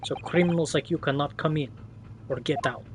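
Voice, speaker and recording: A man's voice: on the high side, fairly quick, close to an everyday voice. A man voicing a haughty foreign ship guard with a put-on Russian accent and blunt, broken English, over a noisy background. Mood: dismissive.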